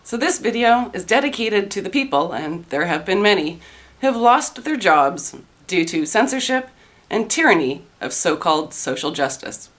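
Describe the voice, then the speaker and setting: A woman host telling rapid-fire dark one-liner jokes in a deadpan delivery. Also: mid-range voice.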